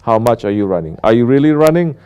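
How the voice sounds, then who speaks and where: Fast and animated, a man preaches a spiritual sermon as a Sufi teacher, stressing his points, posing rhetorical questions and ridiculing quoted apologies. He has a mid-range, mellow voice that is clear and resonant.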